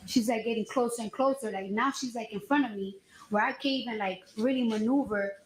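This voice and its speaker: A woman testifying as a witness at trial, telling her story in an animated, emphatic way. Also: a little high, a little fast, slight background noise. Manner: animated storytelling, voice rises when she recounts the argument. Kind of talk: courtroom testimony. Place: courtroom. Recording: echoey courtroom audio.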